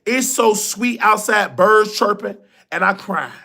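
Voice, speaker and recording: High, gravelly man telling a story. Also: unhurried. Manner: animated, colloquial, emotional retelling. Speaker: livestream show host. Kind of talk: casual personal storytelling.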